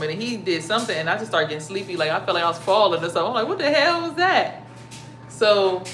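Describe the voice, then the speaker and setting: A young woman telling a story to her viewers in a casual, profane and animated way, acting out her own startled reactions. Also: lowish voice, slight background noise. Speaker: spiritual vlogger.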